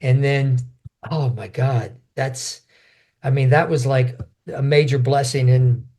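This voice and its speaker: An older man, a guest in an interview, telling a personal story in an animated way and acting out what people said. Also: mid-range voice, slow. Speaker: guest, martial artist and actor.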